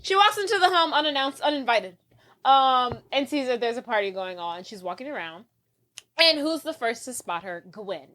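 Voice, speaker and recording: Animated woman recapping a movie. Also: high-pitched, moderate pace. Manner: animated retelling, acting out characters with profanity. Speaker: podcast co-host. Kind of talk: casual movie recap chat.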